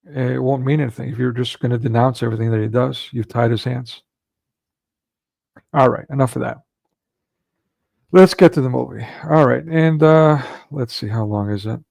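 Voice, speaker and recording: A man's voice: medium pitch, normal speed, creaky, long pauses, a little mellow, no room sound. A man hosting a livestream, telling a long rambling story in casual chat with frequent restarts and fillers. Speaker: livestream host.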